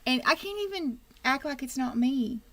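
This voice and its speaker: Texan woman co-host, gravelly, fairly high voice, chatty and playful. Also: lively intonation, normal speed, sharp tone. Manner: chatty and playful, laughs often. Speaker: co-host of a wig shop livestream. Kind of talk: casual chat.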